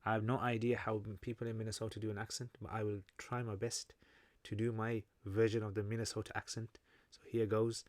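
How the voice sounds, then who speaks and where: A man's voice: fairly low pitch, flat delivery, fairly quick, no room sound. A British man hosting a casual livestream Q&A, chatty and joking, explaining Arabic terms as he reads through viewer comments. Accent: British English. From Britain. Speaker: livestream host answering chat.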